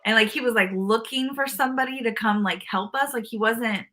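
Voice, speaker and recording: A woman's voice: fairly high pitch, brisk, fairly bright tone. A woman guest on a podcast telling a rambling story with lots of fillers and restarts. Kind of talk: casual chat.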